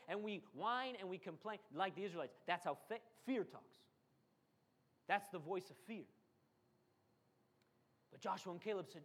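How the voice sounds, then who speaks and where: A man's voice: high voice, lively intonation, normal speed, pauses often, a bit bright, husky. A man preaching a sermon, dramatic and repetitive, briefly acting out the voices of the people he quotes. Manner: dramatic, repeats phrases for emphasis, acts out voices of the people he quotes.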